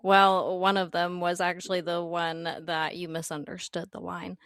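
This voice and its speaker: A woman's voice: on the low side, flat delivery, normal speed, fairly bright tone, dry recording. Giggly woman on a podcast. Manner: giggly, dry jokes. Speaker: podcast co-host. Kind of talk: casual chat recap.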